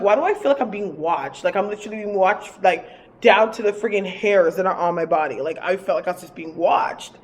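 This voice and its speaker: A woman working as a psychic medium, telling a personal story in a casual, rambling way, full of fillers and swearing. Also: mid-range voice. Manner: animated, rambling, filler-heavy and profane.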